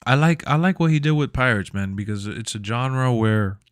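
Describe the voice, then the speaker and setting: A man streaming live, chatting casually in a relaxed, rambling, slangy way into a close mic. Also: medium pitch, moderate pace, clean tone, no echo.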